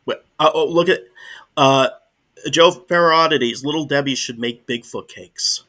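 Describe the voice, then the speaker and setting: A man co-hosting a podcast in casual chat, halting and restarting his sentences as he reads out the chat. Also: mid-range voice, bright, forceful tone. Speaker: podcast co-host.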